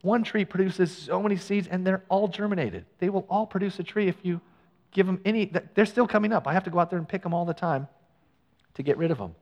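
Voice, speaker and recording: Male pastor, middle-aged, storytelling sermon, animated delivery, long reverb in the hall. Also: high voice, fast talker. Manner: animated storyteller, acts out quoted lines.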